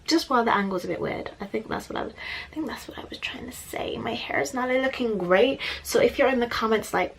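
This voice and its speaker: A woman's voice: on the high side, lively intonation, a little fast, creaky, in a whisper. A young woman giving a casual tarot card reading from the floor of her bedroom at home, chatty and apologetic, a little out of breath and easily distracted. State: slightly out of breath. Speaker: tarot reader.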